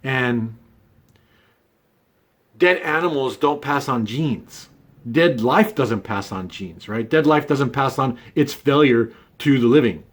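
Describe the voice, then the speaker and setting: Guy talking off the cuff to camera, medium voice, lots of right? and uh, relaxed monologue. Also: mid-range voice, takes it slowly. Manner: conversational, many fillers and "right?" tags. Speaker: video essay host. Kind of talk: casual unscripted monologue.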